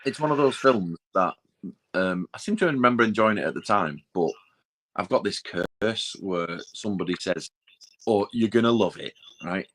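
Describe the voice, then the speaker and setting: A man in casual podcast chat, rambling and cutting himself off, often dropping into quiet asides. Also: deep voice, moderate pace, rough recording. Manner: rambling, self-interrupting, drops into quiet asides. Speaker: podcast co-host.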